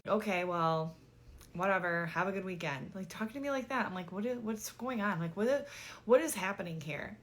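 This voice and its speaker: A woman's voice: medium pitch, animated, a little fast. A woman vlogger telling a dating story in a chatty, exasperated way, full of "like" and casual swearing.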